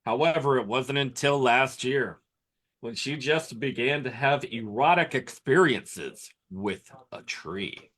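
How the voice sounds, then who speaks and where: A man's voice: mid-range voice, takes it slowly, a bit bright. A man co-hosting a comedy podcast, telling a story playfully with dramatic emphasis. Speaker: podcast co-host. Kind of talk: casual comedy podcast banter.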